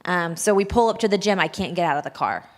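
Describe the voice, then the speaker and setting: A woman's voice: on the low side, animated, fast talker. Candid woman speaking in a reverberant hall. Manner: open, confessional, breaks into nervous laughs. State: shaky and nervous. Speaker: speaker sharing a personal testimony. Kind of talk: candid personal talk to an audience. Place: large hall at a church event.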